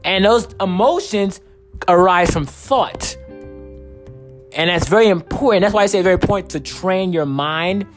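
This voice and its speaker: A man's voice: sits high, normal speed, soft background music. A young man hosting a casual solo podcast, talking in a rambling, profane way while saying he is tired. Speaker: podcast host.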